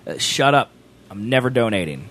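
A man's voice: medium pitch, moderate pace. A young man co-hosting a podcast, chatting casually with rambling jokes. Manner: joking, rambling, animated. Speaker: podcast co-host. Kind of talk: casual chat.

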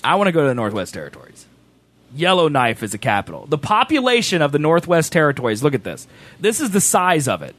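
A man's voice: fairly high pitch, fast talker, no room sound. A young man co-hosting a podcast, chatting casually with rambling jokes. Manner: joking, rambling, animated. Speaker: podcast co-host. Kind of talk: casual chat.

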